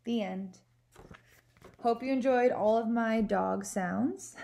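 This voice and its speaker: A woman teacher reading a picture book aloud to her class in a slow, sing-song storytime manner. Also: fairly high pitch, gravelly, warm tone. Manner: slow, sing-song storytime delivery with playful dog sounds.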